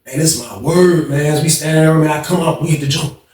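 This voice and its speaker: A man telling a prison story in casual, animated slang, acting out quotes with loud high shouts and hushed asides. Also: fast, reverberant, a crowd in the background. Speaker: storyteller vlogger.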